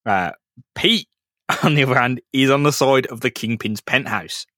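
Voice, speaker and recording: A man's voice: medium pitch, moderate pace, sharp tone, no echo, studio quality. Sweary man recapping comics. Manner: sweary, laughing, storytelling. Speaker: podcast co-host. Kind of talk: casual comic recap chat.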